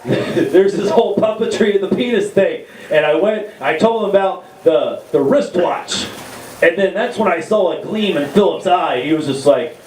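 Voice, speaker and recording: A man's voice: on the high side, reverberant, recorded from a distance, poor audio. A man doing a crude, rambling, self-mocking stand-up set into a stage mic at a live comedy venue. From Texas.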